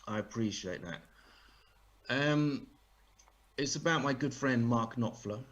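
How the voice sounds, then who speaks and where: A man's voice: medium pitch, slow, fairly bright tone, highs cut off. A man doing a dry, sarcastic stand-up set over a video call. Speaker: stand-up comedian.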